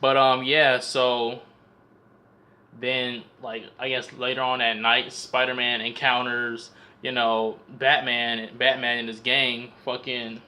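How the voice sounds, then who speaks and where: Flat and slow, with a sharp edge to his mid-range voice, a young vlogger reviews a movie. His recap is casual, comedic, and full of swearing, and he rambles, stammers, and repeats words.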